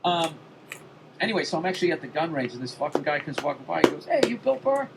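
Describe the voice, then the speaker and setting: A man's voice: fairly high pitch, quick pace, very noisy. A man hosting a podcast, telling a casual comedic story full of swearing and building up steam as he goes. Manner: profane, animated storytelling. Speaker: podcast host.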